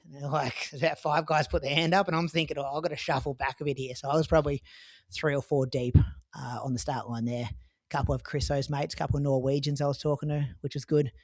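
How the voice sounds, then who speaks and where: A man's voice: a little high, level tone, fast talker, no echo, clean studio sound. Australian man telling a race story. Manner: chatty storytelling with frequent "like" and "um". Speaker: podcast co-host recounting a marathon. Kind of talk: casual podcast chat.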